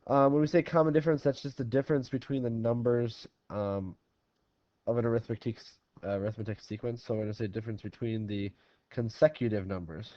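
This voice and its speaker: A man's voice: mid-range voice, steady tone, brisk, dark tone, no room sound. A man teaching a recorded math lesson in a casual way, talking through problems step by step. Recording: dry, slightly dull lo-fi recording.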